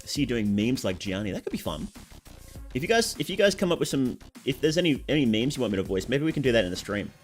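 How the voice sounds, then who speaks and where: A man's voice: medium pitch, big pitch swings, quick pace, soft background music. A young Australian man with a sore throat chatting casually on a game stream, reading out chat and answering it.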